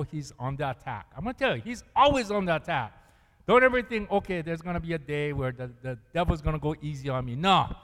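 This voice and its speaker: A man preaching a sermon as pastor, earnest, often laughing and putting questions to the congregation. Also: high-pitched. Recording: long reverb of a large hall.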